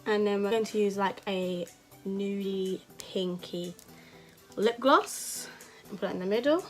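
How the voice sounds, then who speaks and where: A young Englishwoman with a mid-range voice chats her way through a makeup tutorial a little slowly, over soft background music. The beauty vlogger is casual and slangy, saying "you know" a lot.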